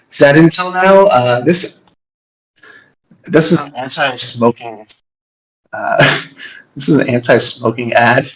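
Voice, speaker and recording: A man's voice: medium pitch, rough recording. Rambling young man breaking down an album. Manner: rambling, restarts, jokey. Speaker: podcast host.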